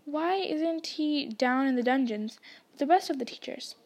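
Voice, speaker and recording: Woman reading as young boy wizard, urgent, hushed, slightly high voice. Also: animated, moderate pace, slight background noise. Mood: tense.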